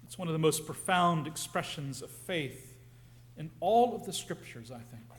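A man preaching a sermon, earnest and reflective, often dropping to a hush on key phrases. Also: on the high side, animated, moderate pace.

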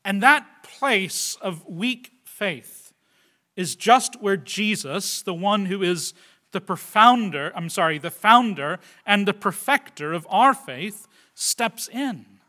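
A man preaching a sermon with earnest delivery, moving from loud, stressed phrases to quiet asides and often turning to the listeners with questions like "right?". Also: sits high, lively intonation, slow. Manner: addresses the listeners directly with tag questions. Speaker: pastor.

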